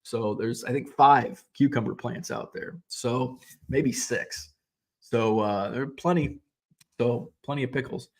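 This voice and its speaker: A man's voice: mid-range voice, a little slow. A middle-aged man hosting a casual livestream, reading viewer comments and ranting in a sarcastic, profane way. He rambles, restarting his sentences often. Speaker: host of a sports card selling livestream.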